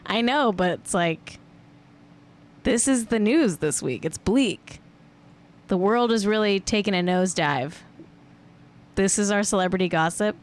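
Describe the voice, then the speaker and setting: A podcast host runs a casual celebrity gossip show in a mid-range voice, speaking at a measured pace with long pauses. She's chatty and amused, and her talk is peppered heavily with "like."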